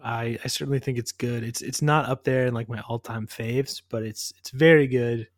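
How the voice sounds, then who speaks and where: A man's voice: mid-range voice, fairly even intonation, moderate pace, no room sound. Thoughtful man, dry close sound. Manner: thoughtful, hesitant, self-deprecating. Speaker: podcast co-host. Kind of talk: casual chat.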